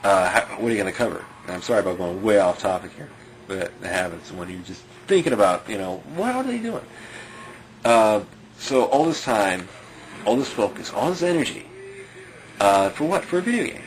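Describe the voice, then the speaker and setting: Male commentator, lowish voice, easygoing rambling chat full of asides. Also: big pitch swings, fairly quick, a little hiss or hum, low-quality recording. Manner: rambling, heavy on fillers, chuckles often. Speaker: video commentator.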